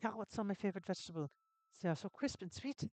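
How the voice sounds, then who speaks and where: A game streamer voicing a young farmer's daughter in a vague put-on foreign accent, earnest and a little halting. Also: mid-range voice, expressive, a little mellow, no echo, lightly acted, low-quality recording. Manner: earnest, simple, slightly halting.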